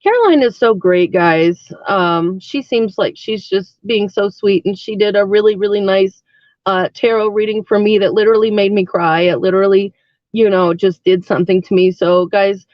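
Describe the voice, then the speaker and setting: A woman's voice: mid-range voice, normal speed, no echo. Rambling woman streamer, dull lo-fi sound. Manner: chatty and rambling, many fillers and likes. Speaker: live streamer. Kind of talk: casual live-stream chat.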